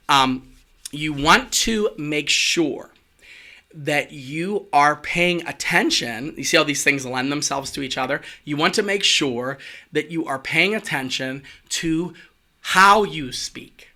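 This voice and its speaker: A man coaching on public speaking in an energetic, conversational way, with quick asides and restarts. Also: fairly high pitch. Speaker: executive communication coach. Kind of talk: casual spoken coaching talk.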